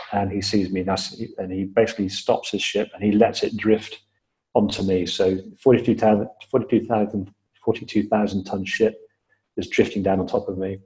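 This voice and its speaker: Low, mellow-voiced man telling a story. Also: a little hiss or hum, poor audio. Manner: measured, step-by-step retelling with frequent fillers; repeats key phrases for emphasis. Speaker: podcast guest. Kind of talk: storytelling in an interview.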